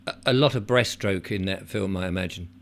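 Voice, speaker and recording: A man's voice: low voice, fairly quick, gravelly. A man hosting a conversation, dropping in short wry comments. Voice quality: brief wry interjections. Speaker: host.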